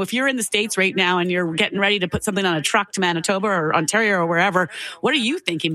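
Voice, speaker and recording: Bright-voiced Canadian woman panelist. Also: fairly low pitch. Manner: reasoned, conversational. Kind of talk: casual political panel talk.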